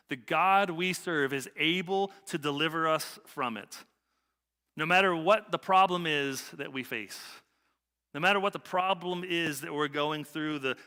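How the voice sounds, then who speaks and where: Bright-voiced pastor in reverberant church. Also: male voice, fairly high pitch. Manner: conversational, repeats phrases, frequent "right?". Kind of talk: sermon with personal story. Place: church sanctuary.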